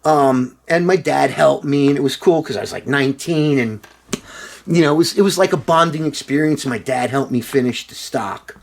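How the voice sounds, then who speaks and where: A man's voice: medium pitch, normal speed, creaky. A man vlogging in a casual, rambling monologue, sarcastic and profane with lots of fillers.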